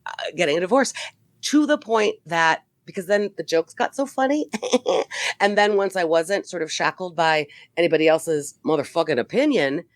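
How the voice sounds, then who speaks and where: A middle-aged woman comedian talks in a lowish voice, spinning animated stories on a podcast. She swears freely and laughs easily. The sound is dry and close to the mic. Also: moderate pace, no room sound. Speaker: guest comedian. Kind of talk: casual podcast chat.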